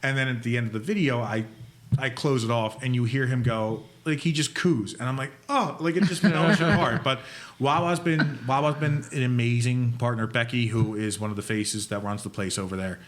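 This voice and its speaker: A man, talking casually as a podcast guest. He tells animated stories and jumps now and then into loud character voices, with a middle-pitched voice. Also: brisk. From Northeast Philadelphia. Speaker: guest, food influencer.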